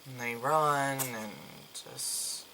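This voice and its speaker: Bright-voiced young man ranting about a movie. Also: medium pitch, steady tone, extremely slow, slight background noise, poor audio. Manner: profane, rambling, acts out characters' lines in raised voices. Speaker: movie reviewer. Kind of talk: casual spoken movie review.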